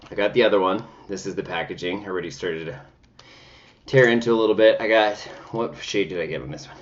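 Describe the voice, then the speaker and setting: A low-pitched man talks quickly in a casual makeup review vlog filmed at home, and the high frequencies are cut off. He's dramatic and talkative, firing off sassy remarks.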